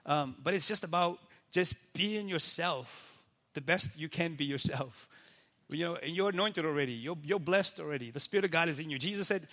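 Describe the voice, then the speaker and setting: A man who is a pastor giving a casual faith talk, animated and always checking in with "right?". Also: a little high, normal speed. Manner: animated, keeps asking "right?" and acts out quoted people.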